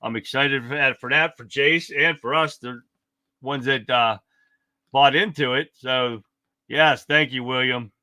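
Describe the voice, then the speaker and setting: A man's voice: medium pitch, steady tone, a little slow, pushed and bright, no room sound. A man hosting a casual political livestream, fired up and rambling, swearing freely as he talks. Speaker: livestream host.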